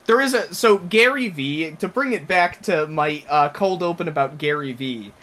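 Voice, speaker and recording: Bright-voiced man rambling on a podcast. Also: fairly high pitch, lively intonation, moderate pace. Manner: rambling, filler-heavy explaining. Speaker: podcast co-host. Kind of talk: casual podcast banter.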